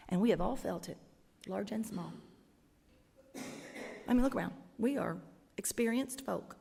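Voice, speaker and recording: A woman's voice: mid-range voice, unhurried, vocal fry, pauses often. A woman preaches in a conversational, musing way, taking her time. Her words linger in a long church reverb. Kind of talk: sermon.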